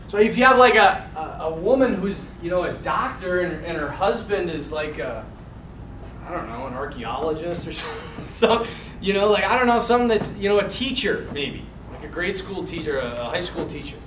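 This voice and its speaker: A man giving a casual, animated Bible teaching to a class, talking loosely with fillers and restarts. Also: high-pitched, moderate pace, reverberant, recorded from a distance, background noise. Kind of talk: casual teaching talk to a mixed group.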